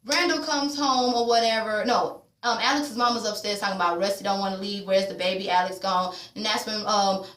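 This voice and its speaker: A woman's voice: mid-range voice, fairly even intonation, fairly quick, fairly bright tone. A young woman talks through a TV episode recap in a blunt, sassy, profane way. She slips into the characters' voices as she quotes them. Her mid-range voice bounces around an echoey home room. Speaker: TV recap vlogger. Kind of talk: casual recap commentary.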